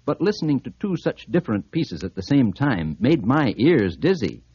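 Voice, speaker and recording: A man's voice: medium pitch, sing-song, normal speed, a little mellow, husky, no room sound. A man playing a polite little boy. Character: small polite young boy wandering the jungle. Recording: dull lo-fi record with music.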